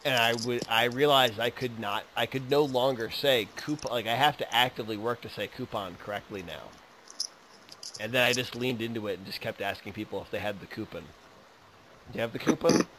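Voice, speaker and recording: A man's voice: mid-range voice, moderate pace, a little hiss or hum. A man hosting a casual podcast, rambling and swearing freely as he chats. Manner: rambling, profane, animated. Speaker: podcast host.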